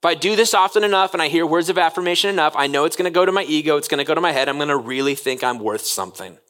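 A man's voice: a little high, very fast. A man as pastor, preaching a sermon and reading longer quoted passages aloud to the congregation. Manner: reads passages aloud, then acts out excited children's voices.

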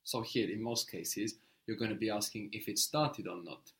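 A man teaching a language lesson, prompting a learner and repeating answers slowly and patiently. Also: on the low side, vocal fry, fairly bright tone.

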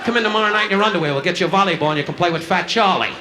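A man doing insulting stand-up crowd work on a nightclub stage, firing barbs at audience members. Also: high voice. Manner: insulting, rapid-fire banter with the audience. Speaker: stand-up comedian. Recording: noisy 1960s live album recording.

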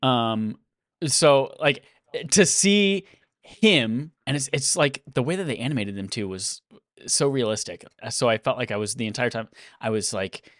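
Male co-host, mid-pitched, filler-heavy casual talk, dry sound. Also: normal speed, a bit bright, no room sound. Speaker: podcast co-host. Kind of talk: casual chat.

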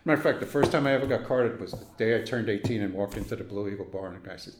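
An older Brooklyn man recalls his youth in an oral history interview, speaking very fast in a low voice with few pauses. The sound is reverberant, and he tells stories, chuckling and acting out the voices of people in them.

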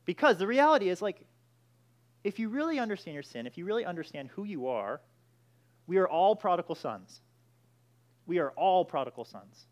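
A man's voice: high-pitched, big pitch swings, normal speed, pauses often. A man preaching a sermon, emphatic, with frequent restarts and repeated "all right".

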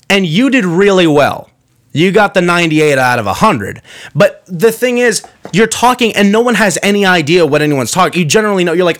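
Rambling, sarcastic young man with lively pitch. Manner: rambling, sarcastic, acts out quoted people in shifting voices; frequent restarts and fillers, building exasperation. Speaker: podcast host. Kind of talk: solo comedic rant.

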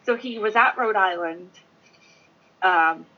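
A woman on a convention panel chatting quickly and casually, telling an anecdote. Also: medium pitch. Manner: chatty, quick, with frequent laughs. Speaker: convention guest. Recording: dull lo-fi sound.

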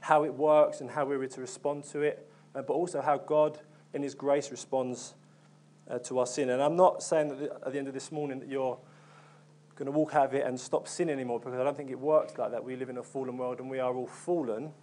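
A man's voice: medium pitch, fairly even intonation, fairly quick, darkish tone. A young man preaching a sermon in an earnest, conversational way, with frequent ums and restarts.

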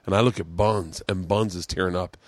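Here a low-voiced man hosts his podcast, keeping a steady tone and a brisk pace with no echo around him. He rambles through a long, profane story in casual storytelling chat.

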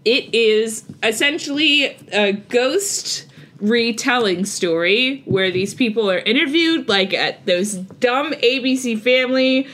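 A woman co-hosting a podcast in casual chat, recapping an episode in a rambling, profane, animated way. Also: a little high, slow pace. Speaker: podcast co-host.

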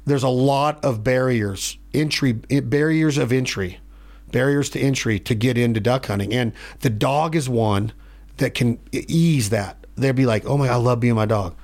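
A man hosting a podcast in a studio, telling stories in a rambling, animated way. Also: mid-range voice, unhurried. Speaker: podcast host. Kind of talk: casual chat.

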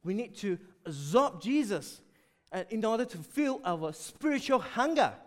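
A man preaching a sermon, emphatic and animated, often dropping suddenly to a quiet voice. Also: high-pitched, a little slow.

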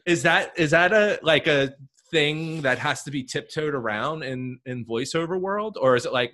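A man's voice: fairly high pitch, moderate pace, bright, forceful tone. A man hosting a podcast, asking questions in a chatty, informal way that rambles. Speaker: podcast host. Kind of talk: casual interview chat.

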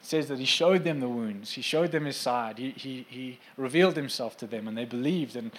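A man's voice: medium pitch, fairly quick, a bit bright. A man preaching a sermon in a casual, conversational way, with asides to his congregation, who turns emphatic when he drives a point home.

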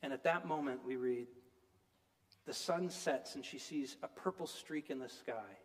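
A man preaching a sermon, retelling a story in an animated, emphatic storytelling manner. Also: mid-range voice, unhurried, in a large hall.

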